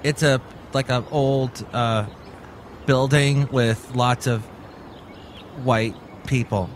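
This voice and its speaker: A man's voice: medium pitch, fairly even intonation, takes it slowly, a little hiss or hum. A man hosting a comedic podcast, rambling in a playful, wry way. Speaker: podcast host.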